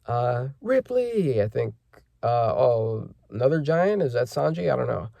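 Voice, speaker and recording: A man's voice: medium pitch, sing-song, measured pace, vocal fry, warm tone, dry recording. A man hosting a casual manga chapter reaction, rambling with lots of fillers and self-corrections as he reads panels aloud.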